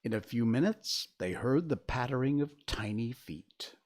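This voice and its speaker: A man reading a storybook aloud as a stream host, in an unhurried, expressive manner. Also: medium pitch. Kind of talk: storybook narration.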